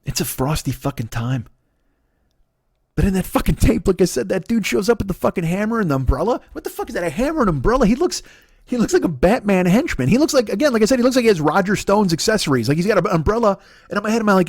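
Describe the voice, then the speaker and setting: A man in his forties ranting in a profane podcast monologue, agitated, sometimes dropping to a mutter and then rising to a shout. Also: sits high, very animated, quick pace, breathy edge, no echo, clean studio sound. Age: 40s. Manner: agitated, swearing, swings between muttering and shouting. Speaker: podcast host.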